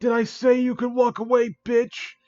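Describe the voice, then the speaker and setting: A man's voice: sits high, unhurried, a little mellow, no echo, muffled recording, soft background music, voice pushed up. A man voicing a mean teenage girl who bullies at school, taunting and mocking. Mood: sneering.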